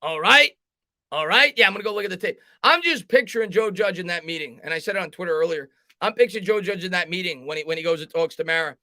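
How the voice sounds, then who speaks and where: A man's voice: high voice, quick pace, bright, forceful tone, no echo. A young man hosting a live fan sports talk stream, ranting emphatically and reading chat.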